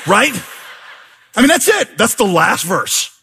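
A middle-aged man preaching a sermon as pastor, animated and rising to near-shouts when reading scripture. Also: high-pitched, a little slow, gravelly, husky.

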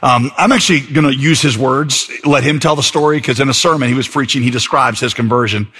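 A man's voice: medium pitch, a little fast, pushed and bright, husky. A middle-aged man preaching a sermon as a pastor, talking in a conversational way with fillers.

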